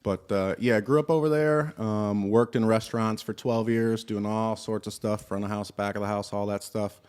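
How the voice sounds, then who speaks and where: A man in his thirties from Cleveland talks easily as a podcast guest, in a fairly low voice. He is relaxed, with a dry sense of humor. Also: moderate pace, clean tone. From Cleveland, Ohio, USA. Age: 30s. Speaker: guest, dog trainer. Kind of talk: casual chat.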